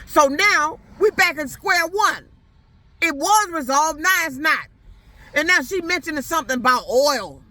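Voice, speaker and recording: A woman's voice: high-pitched, animated, a little slow, bright, forceful tone, no echo. A woman ranting to her camera in a vlog, irate and profane, hammering the same questions over and over. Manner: irate, profane, repeats herself. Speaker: vlogger. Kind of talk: angry rant to camera.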